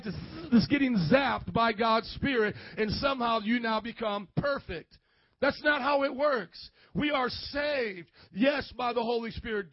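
Raised in an Italian family, this thirtysomething pastor delivers his sermon in a very high-pitched voice, asking his listeners for amens and voicing the people he quotes. The recording is dry and the sound dull.

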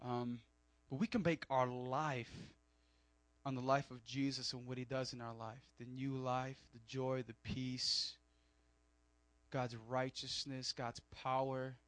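A man preaching a sermon, animated with joking asides and loud emphatic peaks. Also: medium pitch, takes it slowly, no echo. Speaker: pastor.

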